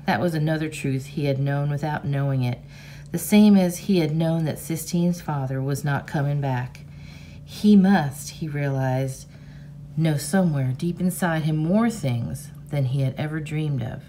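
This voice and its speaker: A woman teacher reading a children's novel aloud to her class, expressive and measured. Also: deep voice, a little hiss or hum. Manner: slow, expressive storytelling. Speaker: fourth grade teacher.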